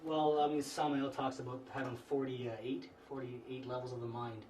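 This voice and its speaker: A man's voice: medium pitch, normal speed. Man lecturing casually in an echoey room. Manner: relaxed, conversational, frequent restarts and "you know". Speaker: class instructor. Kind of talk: informal spiritual lecture to a small group. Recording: echoey room, mic far off, faint noise.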